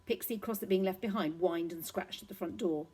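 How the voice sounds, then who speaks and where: A woman reading a children's novel aloud, steady and expressive. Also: on the low side, fairly quick, husky, poor audio. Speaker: reader.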